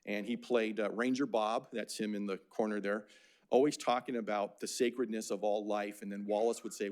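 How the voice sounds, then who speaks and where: A man's voice: fairly low pitch, fairly even intonation, normal speed, darkish tone. An older man from Phoenix giving a casual, anecdotal lecture about slides, with many fillers and restarts. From Phoenix, Arizona.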